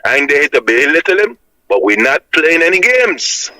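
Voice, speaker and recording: A Jamaican man with a high, bright, forceful voice reasons like a preacher, driving each point home with insistent emphasis. The sound is dry and close, with no room around him. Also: big pitch swings, normal speed, dry recording, rough recording. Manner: emphatic and insistent, repeating "my lad" as a tag.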